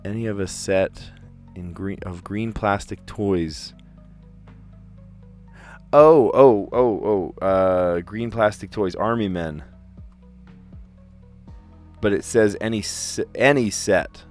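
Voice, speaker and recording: A man's voice: low-pitched, fairly even intonation, slow, long pauses, faint music behind. A man, a teacher, hosting a casual puzzle livestream, thinking aloud with chatty, self-amused asides.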